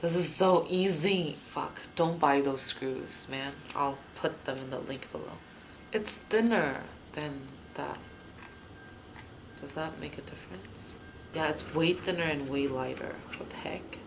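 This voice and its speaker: A woman's voice: sits low, a little slow, background noise. A young woman chatting and swearing freely as she vlogs herself fixing something. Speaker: vlogger. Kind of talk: casual vlog narration while working.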